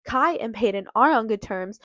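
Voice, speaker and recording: A woman's voice: on the high side, lively intonation, normal speed, a bit bright, no echo. A woman giving a casual book review, gushing and rambling, often cutting herself off mid-sentence. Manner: gushing, rambling, self-interrupting.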